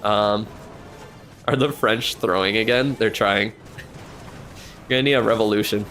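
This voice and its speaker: A man streaming and commentating a match in casual live play-by-play, reacting excitably and chatting with the odd swear word. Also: on the low side, measured pace, soft background music.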